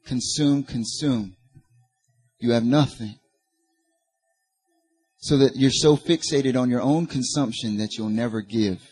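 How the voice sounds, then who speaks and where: A man's voice: mid-range voice, darkish tone, slightly rough. A man preaching a sermon, building to emphatic peaks and turning to the congregation with casual asides. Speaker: pastor.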